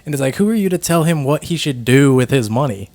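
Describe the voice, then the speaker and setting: A man's voice: medium pitch, animated, quick pace, a little mellow. A young man co-hosting a podcast in a laid-back, casual chat full of "like" and "dude". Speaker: podcast co-host. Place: from Phoenix.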